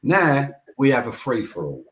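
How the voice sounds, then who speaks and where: A man answers in a political interview with a mid-pitched voice. He argues emphatically, stacking repeated phrases as if giving a speech. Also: wildly swooping pitch, normal speed, slight background noise. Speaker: political guest.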